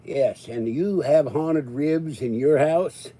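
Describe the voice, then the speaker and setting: Very dark-voiced rambling man. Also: on the high side, takes it slowly. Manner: joking, rambling, chuckling often. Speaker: live stream host. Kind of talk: rambling live stream chat.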